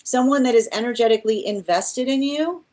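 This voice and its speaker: A woman gives a live tarot reading, rambling with many restarts and exasperated asides, laughing often as she mocks. Her voice is on the high side and warm in tone, moving a little fast.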